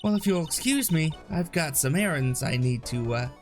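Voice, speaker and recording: A man's voice: on the high side, animated, normal speed, soft background music, lightly acted. A man voicing a doting girlfriend in a put-on American Southern accent, with sugary endearments.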